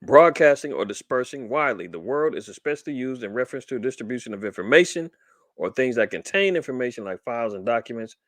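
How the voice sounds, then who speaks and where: Medium in pitch and quick in pace, this man's voice comes through with no echo. He's a podcast host who reads news articles aloud and then riffs on them with animated energy and plenty of rhetorical questions.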